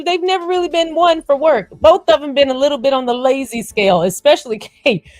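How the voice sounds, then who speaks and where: A woman's voice: on the high side, no echo. A woman hosting a livestream, blunt and sarcastic, reading viewer comments and laughing often. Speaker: livestream host.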